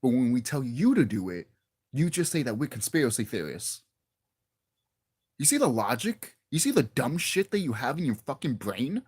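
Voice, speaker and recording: Profane ranting young man, lively pitch. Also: normal speed, husky. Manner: profane, exasperated, repeats words and restarts. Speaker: wrestling commentary vlogger. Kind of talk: ranting casual monologue.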